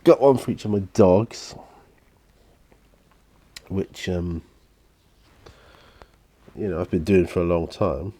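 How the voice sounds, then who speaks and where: Slow, deep-voiced man rambling. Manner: slow, rambling, soft-spoken with frequent fillers. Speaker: miniature painting vlogger. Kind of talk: relaxed paint-along chat.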